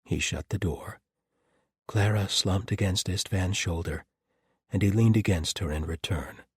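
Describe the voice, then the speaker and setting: A man reading an audiobook in measured, even scripted narration. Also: low-pitched, breathy edge, no room sound, studio quality.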